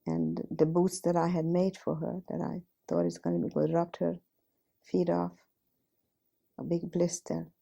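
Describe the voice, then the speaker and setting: Speaking unhurriedly, a woman in her fifties from Hungary gives her testimony as a Holocaust survivor, telling her life in a plain, direct way with frequent "I says." Her voice is fairly low, gravelly and warm, with fairly even intonation.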